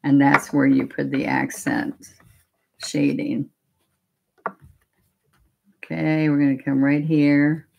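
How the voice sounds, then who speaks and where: A woman's voice: low-pitched, takes it slowly, creaky, pauses often, darkish tone. A woman demonstrating a painting technique live, explaining each step in a chatty, step-by-step way. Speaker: painting instructor.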